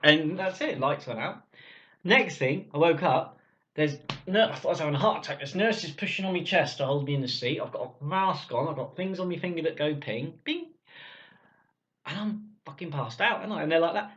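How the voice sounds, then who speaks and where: A gruff man telling his own story bluntly, swearing freely in casual speech. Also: on the high side, normal speed. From Cornwall, England. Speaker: vlogger. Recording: dull lo-fi sound.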